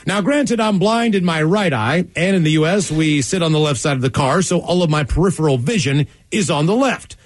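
A man's voice: fairly high pitch, expressive, fairly quick, few pauses, dry recording. A man hosting a comedy radio show, reading listener messages aloud and laughing often. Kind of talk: reading listener emails on air.

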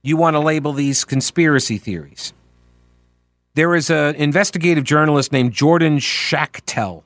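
A man with a somewhat high voice hosts a political talk show in a sarcastic, mocking tone, hammering his points home with emphasis. The studio sound is dry and close, with no room around it. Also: normal speed, a bit bright, dry recording. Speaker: radio talk show host. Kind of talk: opinionated political talk monologue.

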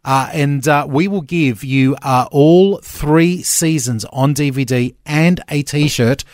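A man's voice: a little high, darkish tone, dry recording, studio quality. A man hosting breakfast radio, chatty and joking with his co-host. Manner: chatty, joking, quick to laugh. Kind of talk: upbeat radio banter. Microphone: studio microphone.

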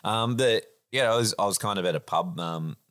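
Deep-voiced, laid-back Australian man spinning a long, meandering yarn as a podcast guest. He talks loosely and swears and chuckles often. His voice sits very low. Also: a little fast, a bit bright, no echo, studio quality. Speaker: podcast guest, racing driver. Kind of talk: casual storytelling chat.

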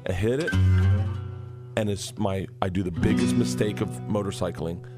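A man's voice: sits low, normal speed, over music. A man telling a long comic story on a morning radio show, acting out the voices of others. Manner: acts out voices, swings loud and laughing. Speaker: comedian guest. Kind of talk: animated storytelling. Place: radio studio.

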